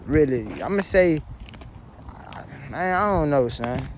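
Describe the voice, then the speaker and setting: Male vlogger with a high voice. Raw, blunt, profane, circling back to the same pleas. Faint noise behind. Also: expressive, takes it slowly. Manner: pleading, repetitive, blunt and profane. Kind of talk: emotional personal monologue to camera.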